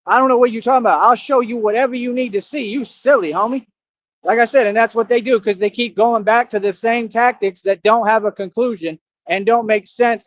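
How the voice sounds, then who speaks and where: Streamer, male, high voice, dry close mic, confrontational and preachy. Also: no echo, lo-fi sound. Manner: combative, preachy, repeats rhetorical questions. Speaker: live streamer. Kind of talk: livestream rant reading comments.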